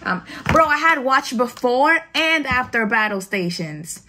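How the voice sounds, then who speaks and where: A woman's voice: sits high, animated, a little slow, noisy background. Slangy, blunt young woman vlogger. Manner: slangy, profane, candid. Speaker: vlogger recounting Navy boot camp. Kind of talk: casual storytime vlog.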